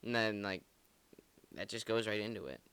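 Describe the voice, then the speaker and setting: A male podcast host talks through song lyrics in a loose, earnest ramble packed with filler words. His voice sits a little low but comes across bright and forceful, with a smooth, clear tone. The sound is dry and close. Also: animated, moderate pace, no room sound. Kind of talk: casual song analysis chat.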